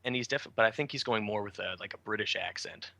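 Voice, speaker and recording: Canadian guy on a call, gravelly, relaxed chatty podcast talk, bit hesitant. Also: fairly low pitch, fast, dry recording. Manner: laid-back, hesitant, laughs often. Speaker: podcast co-host. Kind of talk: casual chat. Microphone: remote call.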